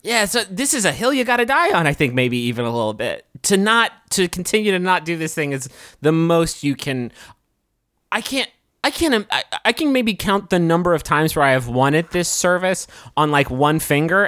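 Animated, riffing male co-host. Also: medium pitch, no echo, studio quality. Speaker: podcast co-host. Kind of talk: casual comedic chat.

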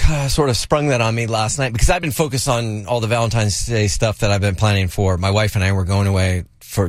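A man's voice: fairly low pitch, dry recording. Playful male radio host, dry studio sound. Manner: playful, teasing storyteller. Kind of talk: casual radio banter.

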